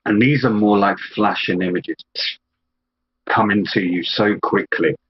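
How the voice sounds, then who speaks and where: Slow, deep-voiced man narrating a game. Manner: slow, descriptive storytelling. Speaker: game master. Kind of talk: narrating a tabletop role-play game. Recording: dull lo-fi audio with faint background noise.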